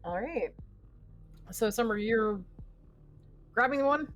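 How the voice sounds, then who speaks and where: A woman narrating as game master, making quick rule calls over faint music. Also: on the high side, animated.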